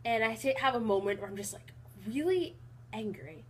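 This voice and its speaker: A young woman talking casually in a rambling vlog, with an even, not very emotional delivery and lots of fillers. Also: a little high, normal speed, a little hiss or hum. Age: young adult. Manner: rambling with many fillers and restarts. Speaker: college vlogger.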